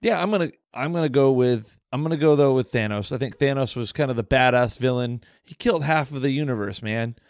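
A man talking pop culture with a co-host, laying out his opinions in an earnest, reasoned way. His voice is mid-pitched and sounds dry and close to the mic. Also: a little fast, few pauses, dry recording. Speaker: podcast co-host. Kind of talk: casual pop culture chat.

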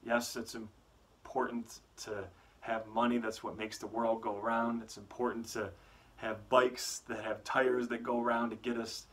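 A man, a youth motivational speaker, giving a weekly faith talk to students with animated, earnest storytelling. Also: mid-range voice, a little slow.

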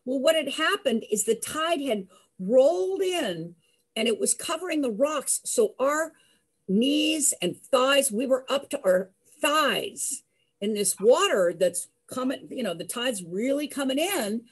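An older woman telling a personal story in a lively way, acting out the voices of the people in it. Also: high-pitched, a little slow, husky. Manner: lively, acts out voices, laughs. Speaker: storyteller host.

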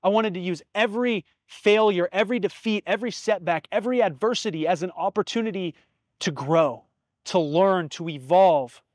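Earnest high-voiced man telling stories. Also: no room sound, studio quality. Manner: earnest, heartfelt storytelling with casual swearing. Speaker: podcast host. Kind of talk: reflective solo podcast monologue.

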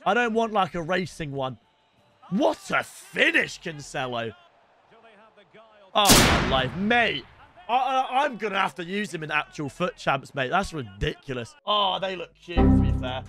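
A young man giving casual, chatty commentary over his gameplay, now and then shouting excitedly at the game. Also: high-pitched, normal speed, over loud music. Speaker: streamer.

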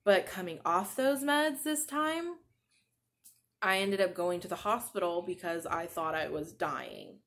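A woman's voice: fairly low pitch, lively intonation, measured pace, fairly bright tone. A woman in her thirties hosting a podcast, chatting casually and rambling with lots of "like," sleep-deprived as a new mother. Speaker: podcast host. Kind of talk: casual chat.

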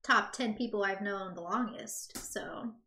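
A woman's voice: medium pitch, unhurried, sharp tone, roomy sound, slight background noise. A young woman hosting a casual live-stream talk show, chatty and giggly.

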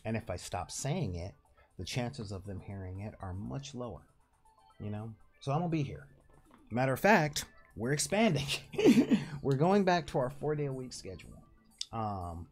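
A man's voice: medium pitch, sing-song, moderate pace, a little mellow, faint music behind. A man with a nasal voice hosting his own channel, talking casually and rambling with laughs and restarts. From Southern California. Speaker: channel host. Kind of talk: casual direct-to-camera talk.

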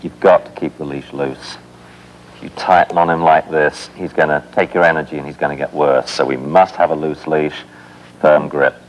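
A man's voice: rumbling low, steady tone, moderate pace, a little hiss or hum, poor audio. A man, a dog trainer, firmly coaching a dog owner on how to handle the leash, on an older TV recording. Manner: instructive, firm.

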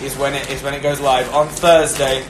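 A man's voice: mid-range voice, level tone, normal speed. A young man chatting casually on a phone live stream, giggly and rambling, often restarting his sentences. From Britain. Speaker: host of an Instagram live stream. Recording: echoey room, background noise.

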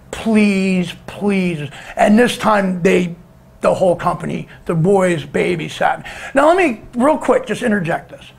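A man telling a rambling, profane story in a casual way, breaking into shouts now and then. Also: high voice, gravelly. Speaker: guest storyteller.

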